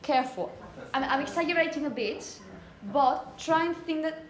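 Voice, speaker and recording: A woman teaching phonetics to a class, saying example words slowly and often asking "okay?". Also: high voice, a crowd in the background. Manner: repeats words slowly to model pronunciation; asks "okay?" often to check understanding. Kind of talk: classroom lecture.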